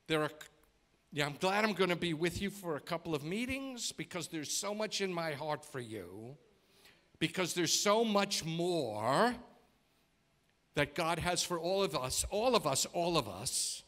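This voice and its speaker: A man's voice: a little high, big pitch swings, measured pace, fairly bright tone. Emphatic man preaching a sermon. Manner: emphatic, repeats phrases in rhythmic lists, asks the congregation questions. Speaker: guest preacher. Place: church sanctuary.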